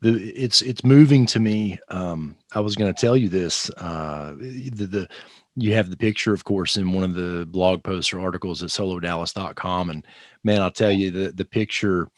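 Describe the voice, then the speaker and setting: Male host, lowish voice, relaxed and encouraging, dry close sound. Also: moderate pace, no room sound. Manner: relaxed, brief encouraging replies. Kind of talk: casual interview.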